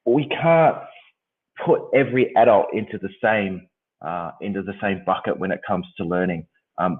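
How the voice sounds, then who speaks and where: A man gives an online conference presentation, his voice croaky from a head cold. He talks hesitantly, full of ums and restarts. His voice sits on the low side, and it comes through a thin, phone-like line.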